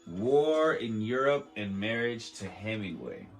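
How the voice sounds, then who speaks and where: A man's voice: lowish voice, animated, slow, soft background music, poor audio. A man hosting a podcast, reading a history aloud with stumbles, restarts and joking asides. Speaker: podcast host. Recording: faint beat playing under the voice.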